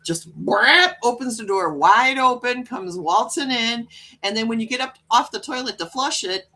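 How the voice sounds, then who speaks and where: This livestream host has a highish voice and talks at a normal speed. She reads viewer comments aloud in a casual, chatty way, laughing often and putting on animated cat voices.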